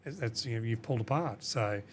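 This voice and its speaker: A man's voice: mid-range voice, brisk, slight background noise. A man, a company boss, talking casually in a podcast interview, explaining at length with many restarts and "you know". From Australia. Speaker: company CEO, guest.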